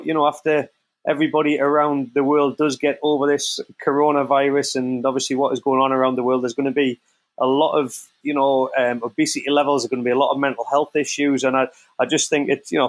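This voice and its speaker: A man who co-hosts a podcast and tells lively stories in a casual chat. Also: mid-range voice. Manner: lively storyteller. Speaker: co-host, former footballer.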